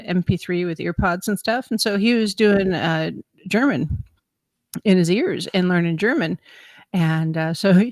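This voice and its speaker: Animated storytelling woman, dry close sound. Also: mid-range voice, no room sound. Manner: animated, laughing storyteller who acts out quotes. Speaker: podcast co-host. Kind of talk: casual chat, storytelling.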